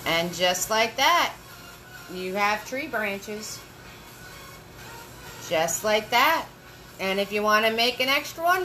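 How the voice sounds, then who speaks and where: Bright, slow-talking woman teaching painting. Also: medium pitch, animated, faint music behind, low-quality recording. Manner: chatty and encouraging, greets viewers by name; slow step-by-step instructions. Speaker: paint party instructor. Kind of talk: live-streamed painting lesson.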